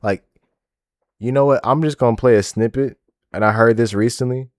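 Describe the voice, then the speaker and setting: A man in his twenties hosting a music reaction video, excitable and profane, often repeating himself. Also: mid-range voice, normal speed, dry recording, studio quality. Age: 20s. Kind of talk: casual reaction commentary. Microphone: desk microphone.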